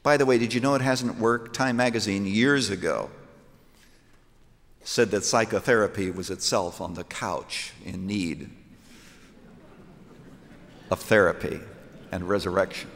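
In a large room with long hall reverb, a man preaches a sermon emphatically, posing rhetorical questions to listeners and quoting scripture in old-fashioned language. His voice is lowish, gravelly and slightly bright, with a measured pace and long pauses.

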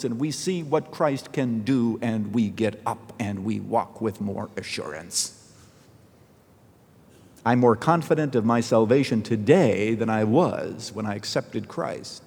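A man's voice: medium pitch, darkish tone, breathy edge. Earnest preacher man in a reverberant hall. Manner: earnest, storytelling preacher, rising emphasis on key phrases. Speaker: pastor. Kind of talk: sermon.

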